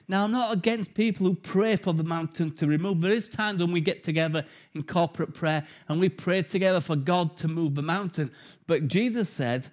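Animated preacher man. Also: on the high side, brisk. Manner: animated storytelling, conversational. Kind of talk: sermon with personal story.

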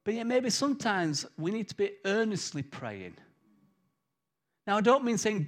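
A man preaching a sermon, telling the story with lively acted-out voices. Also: high voice, a little slow.

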